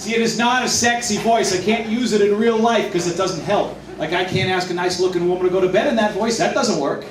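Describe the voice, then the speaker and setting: A man doing a stand-up comedy set in a restaurant, with self-deprecating, animated delivery. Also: high-pitched, quick pace, few pauses. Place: restaurant, indoors. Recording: echoey room, distant mic, noisy.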